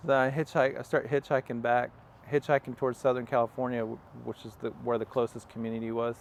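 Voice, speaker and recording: A young man tells his story in a relaxed, rambling way, full of fillers and quoted dialogue. His voice sits at a middle pitch. The recording was made outdoors and has a faint hum of background noise. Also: normal speed, vocal fry. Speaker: interview guest. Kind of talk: casual storytelling. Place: outdoors on a farm.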